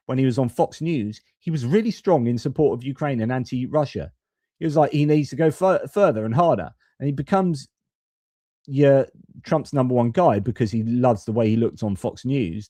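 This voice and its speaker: A man's voice: medium pitch, dark tone, no echo. A man hosting a live-stream commentary, reading out viewer comments and giving rambling, opinionated, self-correcting takes. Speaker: host of a live-stream geopolitics channel.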